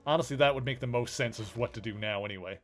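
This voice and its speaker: A man's voice: mid-range voice, fast talker, faint music behind. A male streamer giving casual commentary as he plays a video game, thinking aloud in a chatty, rambling way.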